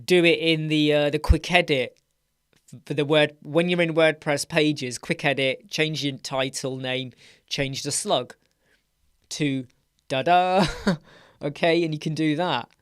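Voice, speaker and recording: A man's voice: fairly high pitch, steady tone, unhurried, a bit bright, smooth, no room sound, studio quality. A man hosting a live web design Q&A, chatting casually, rambling and laughing as he answers viewer questions. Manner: chatty, rambling, laughs often, puts on mocking voices.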